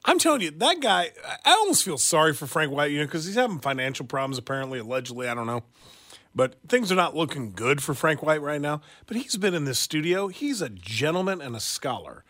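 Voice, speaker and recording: A man's voice: on the high side, big pitch swings, a little fast, a bit bright. A man hosting a radio talk show, chatting casually and reading news aloud with wry asides.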